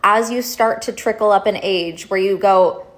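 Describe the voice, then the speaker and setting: A woman's voice: medium pitch, normal speed. A woman in her thirties telling a personal story to camera, candid and exasperated, swearing freely. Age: 30s. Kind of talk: casual storytime video.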